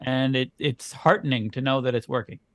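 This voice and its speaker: A man's voice: mid-range voice, steady tone, fairly quick, dry recording. A man co-hosting a casual comedy podcast, playing the wry, skeptical straight man. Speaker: podcast co-host.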